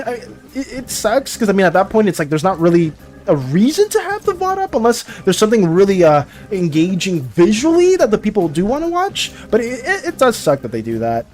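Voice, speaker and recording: A young man in his twenties chatting casually on his art stream, excitable and ranting, tripping over restarts and breaking into laughs. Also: sits high. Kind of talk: casual live-stream chat.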